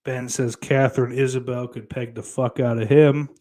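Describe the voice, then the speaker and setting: A man's voice: mid-range voice, level tone, moderate pace, warm tone. A man co-hosting a podcast, reading live chat comments aloud in crude casual banter, laughing often and swearing freely.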